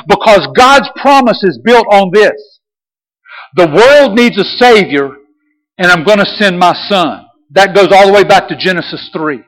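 High-voiced man preaching in a reverberant hall. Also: fairly bright tone. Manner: emphatic, repetitive preaching with rhetorical questions. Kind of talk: sermon.

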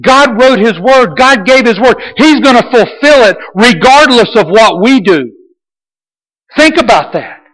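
A man's voice: high-pitched, fairly bright tone, long reverb tail, rough recording. A man preaching a sermon, emphatic and repetitive, asking rhetorical questions.

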